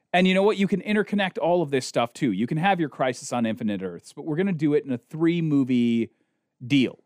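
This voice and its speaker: A man co-hosting a podcast, ranting in animated casual chat. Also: a little high, brisk, dry recording, studio quality. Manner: animated, ranting, mocks others in quoted voices. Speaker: podcast co-host.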